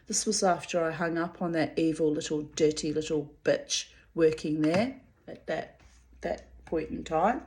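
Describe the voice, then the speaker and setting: Brief: New Zealand woman, lowish voice, very slow delivery, bitter and blunt, swears freely while reading messages aloud. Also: darkish tone. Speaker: pet owner recounting a dispute.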